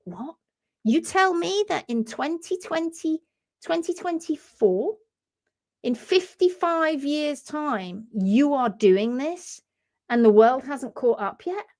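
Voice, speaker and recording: Animated Bristolian woman spinning rambling stories. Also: on the high side, dry recording, studio quality. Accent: Bristolian English. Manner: animated, rambling storyteller who breaks off and restarts mid-sentence; blunt and salty, drops mild swearing. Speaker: hoof care educator hosting a live session. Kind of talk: casual live-stream chat.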